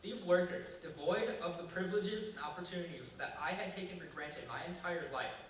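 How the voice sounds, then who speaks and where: Teen boy, bright voice, reading an essay from a distance in a very echoey room. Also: sits high. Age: teens. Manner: halting intro with fillers, then steady reading. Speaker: student reader. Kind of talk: reading a personal essay aloud. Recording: echoey room from far off, faint noise.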